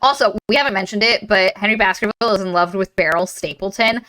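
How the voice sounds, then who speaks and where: A woman hosting a casual book club podcast, retelling a novel with profanity and quick put-on character voices. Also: medium pitch, poor audio. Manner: animated, profane, acts out characters in silly voices.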